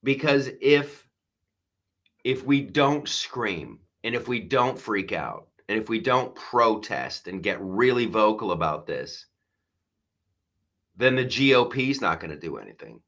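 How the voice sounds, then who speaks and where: A man's voice: lowish voice, big pitch swings, a little slow, fairly bright tone. A man hosting a live comedy news show, ranting with exasperated sarcasm and frequent restarts.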